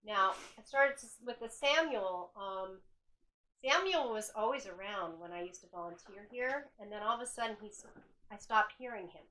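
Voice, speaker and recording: Woman hotel owner, bright clear tone, lively storyteller who acts out the voices she quotes. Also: mid-range voice, normal speed, low-quality recording. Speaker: hotel owner leading ghost hunts. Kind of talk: casual storytelling. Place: indoors in an old hotel.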